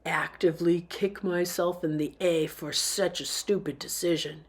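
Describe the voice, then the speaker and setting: Woman doing a happy-go-lucky young guy turned wistful, lowered voice, slow storybook reading. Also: steady tone, natural voice. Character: easygoing young man, nostalgic and regretful.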